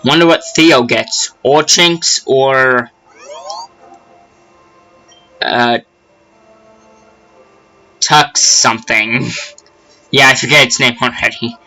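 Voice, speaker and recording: A man's voice: medium pitch, fairly even intonation, slow pace, pauses often, sharp tone, faint music behind, low-quality recording. A man giving casual, rambling commentary while playing a game, jokey and laughing at himself. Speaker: let's play gamer.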